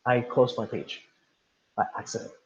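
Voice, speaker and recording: A man's voice: medium pitch, fairly even intonation, moderate pace, a little mellow, lo-fi sound. A male teacher leading an online class, reading instructions and calling on students by name. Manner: encouraging, calls on students by name. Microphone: video call.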